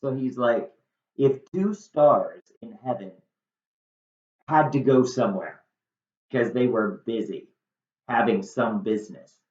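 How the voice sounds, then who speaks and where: A man's voice: medium pitch, takes it slowly, pauses often, a little mellow. A man teaching a Shakespeare passage, paraphrasing it casually and often saying "like". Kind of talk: explaining a Shakespeare text. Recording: roomy, dull lo-fi sound.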